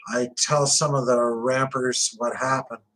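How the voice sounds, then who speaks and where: A man's voice: medium pitch, flat delivery, a little slow, bright, forceful tone, poor audio. A man narrating an audiobook in the first person, with gritty, conversational storytelling.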